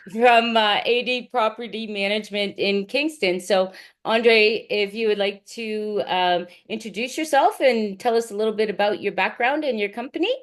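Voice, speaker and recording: A woman hosting a live interview show, chatty and relaxed, with fillers and easy laughter. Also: medium pitch, a little slow. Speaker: host.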